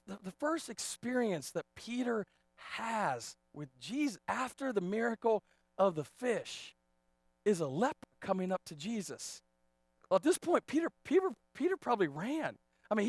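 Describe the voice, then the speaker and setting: A man in his thirties preaching a sermon as pastor, animated and repetitive, joking with the congregation. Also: high-pitched, no room sound, studio quality. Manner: animated, repeats words, jokes with congregation.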